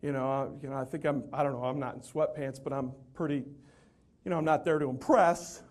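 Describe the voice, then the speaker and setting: A male motivational speaker telling a humorous, self-deprecating story in a lively way and acting out the people in it. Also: medium pitch, brisk.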